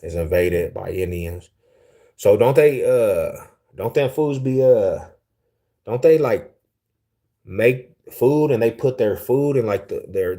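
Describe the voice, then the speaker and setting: A man's voice: mid-range voice, dark tone. A young man from Denver hosting a livestream, chatting casually and reading viewer comments aloud in a laid-back, slangy way that is easily amused. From Denver, Colorado, US. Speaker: livestream host.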